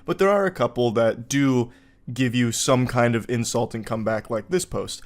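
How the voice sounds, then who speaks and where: A man's voice: mid-range voice, normal speed. Incredulous man riffing sarcastically. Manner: incredulous, sarcastic, rambling with filler words. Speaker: commentary video host. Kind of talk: comedic commentary reading forum posts aloud.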